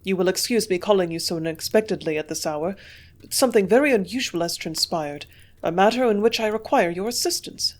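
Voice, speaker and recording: A woman's voice: mid-range voice, fairly quick, natural voice. A woman voicing an earnest, anxious young male doctor who urges and pleads. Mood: urgent. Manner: urgent, earnest.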